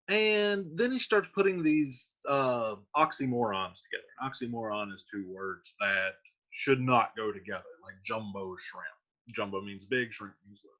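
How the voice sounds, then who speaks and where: A man's voice: medium pitch, moderate pace, highs cut off. Casual man explaining Shakespeare. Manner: paraphrases in slang, casual and animated. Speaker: teacher. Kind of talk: casual literature lesson.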